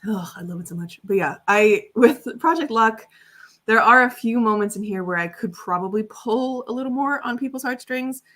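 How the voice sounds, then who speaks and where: A young woman hosting a casual livestream, talking in a loose, chatty way and giggling often. Her voice has a bright, forward edge. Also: fairly high pitch, moderate pace. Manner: chatty and giggly, lots of fillers. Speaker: livestream host and author. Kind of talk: casual chat on a writing livestream.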